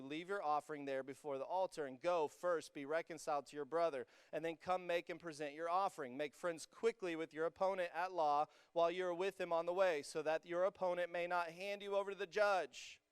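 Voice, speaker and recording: Energetic young male youth pastor, clear voice. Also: a little high, no echo. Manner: energetic, joking with the audience, rising to emphatic peaks. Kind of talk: sermon. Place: church hall with a student congregation.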